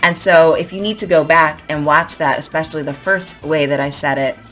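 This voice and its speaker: A woman's voice: sits low, steady tone, fairly quick, a bit bright, faint music behind. A woman teaching English, explaining and emphatically modelling phrases to show intonation. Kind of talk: explaining to camera in a lesson.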